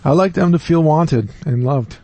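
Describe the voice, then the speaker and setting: A man's voice: on the high side, moderate pace, dark tone. A man co-hosting a podcast in casual chat, tossing in dry, crude quips. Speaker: podcast co-host.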